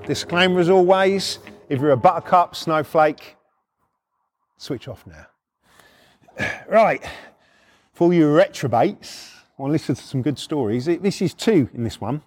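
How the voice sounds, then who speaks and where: A man's voice: a little high, a little slow, long pauses. A middle-aged man telling blunt, swearing stories from his repo work in a casual podcast style, acting out the people in them. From United Kingdom. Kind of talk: casual storytelling.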